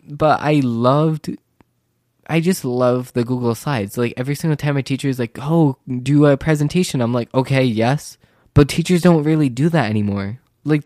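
A teenage male student telling a rambling, casual story, full of "like" and "literally," and growing animated when he feels wronged. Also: mid-range voice, no room sound, studio quality.

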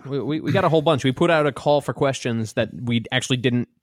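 A man co-hosting a casual comedy podcast, making wry, profane, deadpan remarks. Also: medium pitch, fast talker, no echo, studio quality. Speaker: podcast co-host.

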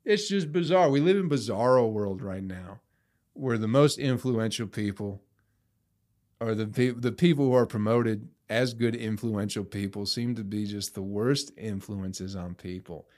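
A man's voice: lowish voice, a little slow, darkish tone. A man hosting a comedy podcast, talking in a casual, profane, ranting way.

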